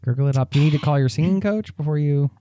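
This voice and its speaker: A man's voice: a little high, racing, noisy background. A man hosting a podcast in casual chat, playfully teasing his co-host and laughing often.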